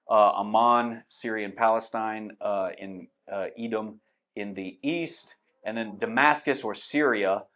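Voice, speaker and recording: A man teaching a church Bible class, talking through a map in a casual, conversational way with frequent fillers. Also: on the low side.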